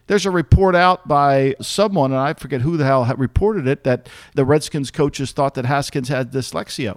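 A man's voice: fairly high pitch, dry recording, clean studio sound. A middle-aged man co-hosting a sports podcast, arguing bluntly and emphatically and cursing freely. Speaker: podcast host, former football executive. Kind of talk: casual sports podcast chat.

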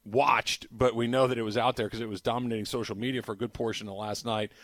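A man's voice: medium pitch, steady tone, quick pace, fairly bright tone, no room sound. Wry male sports radio host. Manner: wry, self-mocking banter.

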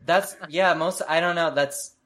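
A man's voice: on the high side, fairly even intonation, measured pace, fairly bright tone. A man talks casually on a podcast in a loose, laid-back way. His sentences drift along on fillers like "like" and "you know". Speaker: podcast co-host. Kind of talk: casual chat.

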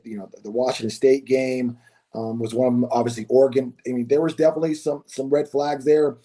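A man's voice: mid-range voice, mellow. A man who played college basketball, guesting on a podcast and chatting casually, often repeating words as he thinks. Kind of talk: casual interview.

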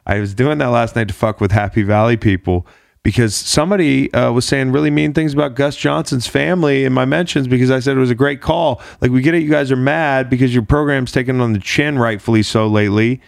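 A man hosting a casual sports chat show, talking in a rambling, animated way with lots of "like" and casual swearing. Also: medium pitch, fairly quick, gravelly, no echo, clean studio sound. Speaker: podcast host.

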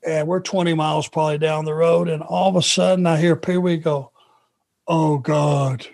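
A middle-aged man from Georgia, a former wrestler telling road stories in a relaxed, anecdotal way. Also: fairly high pitch, a little fast, vocal fry. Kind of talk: podcast storytelling.

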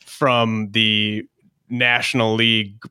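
A man hosts a podcast in relaxed, measured chat, pausing to find his words. His voice is fairly low but bright in tone. The recording sounds close and dry. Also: clear, resonant tone, no echo. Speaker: podcast host. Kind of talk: casual chat.

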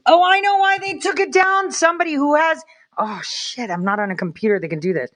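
An excitable woman talks off the cuff on a live stream. She rambles from one thought to the next and tosses in quick asides to her chat. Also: high-pitched. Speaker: livestreamer. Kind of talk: casual live-stream commentary.

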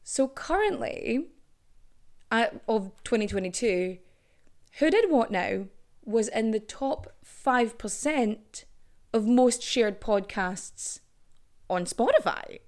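Woman podcast host, young adult, casual, animated, swears a lot, fairly high voice. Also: slow pace. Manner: chatty and animated, swears freely. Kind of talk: casual chat.

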